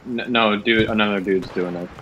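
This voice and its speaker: A man's voice: on the low side, steady tone, normal speed, lo-fi sound, a little hiss or hum. Young man barking short gaming callouts. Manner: loud short callouts, swears. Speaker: gamer. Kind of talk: casual gaming chat.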